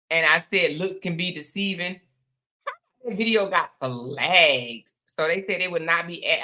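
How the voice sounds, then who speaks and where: Bright-voiced woman hosting a live chat. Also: deep voice. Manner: chatty, greets viewers by name, calls them y'all and honey. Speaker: livestream host. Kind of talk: casual live-stream chat with viewers.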